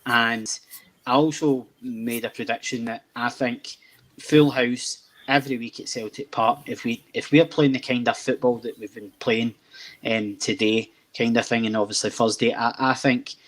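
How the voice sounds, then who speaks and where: A man's voice: mid-range voice, fairly even intonation, normal speed. A young Scottish man hosting a casual football chat show, rambling and repeating words as he starts each thought. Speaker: podcast host.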